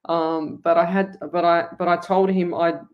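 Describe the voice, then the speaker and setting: A woman with an Australian accent hosts a live online psychic reading show. Her voice sits a little low. She talks in a chatty, rambling way and speaks straight to her viewers. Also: flat delivery, normal speed, phone-quality sound. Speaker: psychic medium host.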